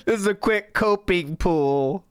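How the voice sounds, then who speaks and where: A man's voice: sits high, a little slow, clean tone, no room sound, clean studio sound. A man streaming live, reacting to clips with sarcastic, mocking commentary.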